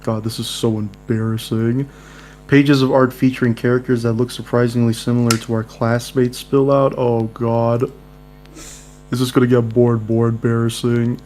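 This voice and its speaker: A man's voice: mid-range voice, normal speed. A young man reads a dating-sim game aloud with friends on a home mic, cracking jokes and laughing between lines. A faint mains hum runs behind his voice. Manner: laughing, jokey, animated asides. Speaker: game player reading aloud.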